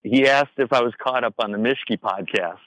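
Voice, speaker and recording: A man's voice: mid-range voice, a little fast, fairly bright tone, no echo, poor audio. Easygoing man on a casual call. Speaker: friend taking a phone call.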